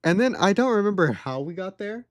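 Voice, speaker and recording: A man's voice: sits high, sing-song, brisk, dry recording, studio quality. A young man streaming live, casually telling a story in a sarcastic, exasperated, slangy way. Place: home streaming setup.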